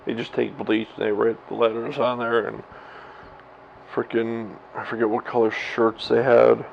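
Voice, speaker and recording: A man's voice: mid-range voice, flat delivery, measured pace, creaky. A man in his thirties telling a story straight to his camera at home, rambling, swearing and laughing at himself. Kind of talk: candid personal vlog monologue. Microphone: camera mic. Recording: slightly dull lo-fi camera audio with faint hiss.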